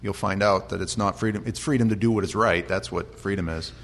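An American man preaching a conversational Bible sermon, chatty with restarts, sometimes building to loud, impassioned storytelling. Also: low-pitched, fairly even intonation, fairly quick. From United States. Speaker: pastor.

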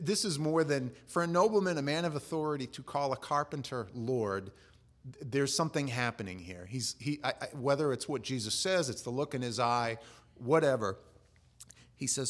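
A man's voice: mid-range voice, gravelly. A man preaching a sermon, earnestly explaining scripture and asking the listeners questions, with restarts and asides.

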